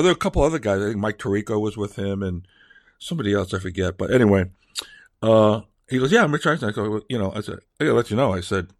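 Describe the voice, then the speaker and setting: A man's voice: on the low side, no room sound, studio quality. A middle-aged man telling rambling family stories in a casual way and acting out the voices he quotes. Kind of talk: casual personal storytelling.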